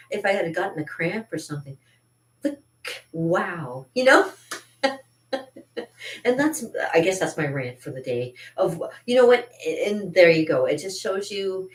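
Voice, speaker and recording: Low-voiced woman telling a story in an echoey room. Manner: animated, laughing, many restarts. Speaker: vlogger. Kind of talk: casual storytelling rant. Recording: roomy echo, distant from the mic.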